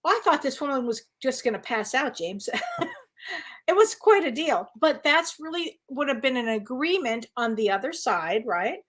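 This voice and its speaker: Animated high-voiced woman storyteller. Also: moderate pace. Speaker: co-host, psychic medium. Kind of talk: casual storytelling chat.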